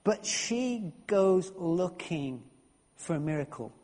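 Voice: medium pitch, expressive, slow pace, darkish tone, in a large hall. A preacher giving a conversational sermon, often restarting and repeating words.

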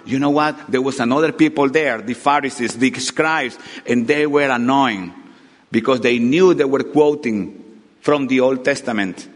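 Dramatic preacher in a reverberant hall. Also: male voice, mid-range voice, normal speed. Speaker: pastor. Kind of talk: sermon. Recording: long reverb of a large hall.

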